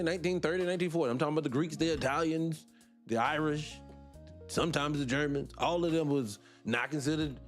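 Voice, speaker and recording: Guy with a high voice doing a livestream rant, lots of rhetorical questions, faint music under it. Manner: rhetorical questions, wry laughs. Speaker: livestream host. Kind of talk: casual livestream monologue.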